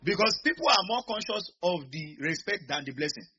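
A man's voice: high voice, expressive, brisk, sharp tone. A man preaching a sermon, repeating lines and calling on the congregation to answer back. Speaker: pastor. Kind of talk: sermon with call-and-response. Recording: dull lo-fi recording.

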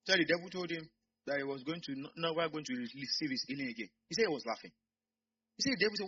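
A man with a Nigerian accent preaching a sermon, swinging from quiet asides to loud shouts. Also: fairly high pitch, animated, very fast, husky, highs cut off.

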